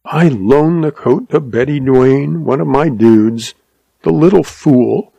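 A man voicing a spirited young woman who runs a dude ranch, in a raised, animated voice. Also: mid-range voice, slow, vocal fry, no room sound. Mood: earnest, teasing.

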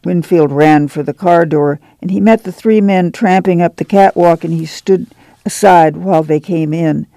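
A man narrating a literary novel as an audiobook, in a steady, unhurried storytelling manner. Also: fairly high pitch, vocal fry, no room sound.

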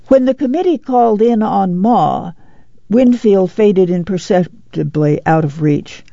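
Audiobook narrator, novel reading, measured, gravelly voice, dark tone, dry dull lo-fi sound. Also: mid-range voice, animated, dry recording. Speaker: audiobook reader.

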